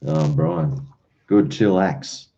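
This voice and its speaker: Deep-voiced Australian man chatting. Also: slow pace, warm tone. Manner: rambling, chatty, uses slang and mate. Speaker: livestream host. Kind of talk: casual chat with live viewers. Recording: dull lo-fi stream audio.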